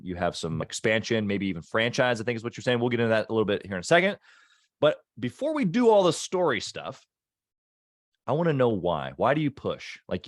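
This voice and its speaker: A man hosting a business podcast, upbeat and enthusiastic, talking in quick bursts during a casual interview. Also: lowish voice, no echo, clean studio sound. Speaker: podcast host.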